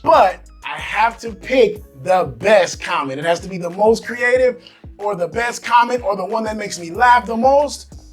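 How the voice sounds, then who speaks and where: A man's voice: high voice, measured pace, soft background music. An American man hosting his own vlog, talking casually and animatedly to camera in slangy speech. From United States. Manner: animated, slangy, acts out quoted voices. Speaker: expat vlogger host.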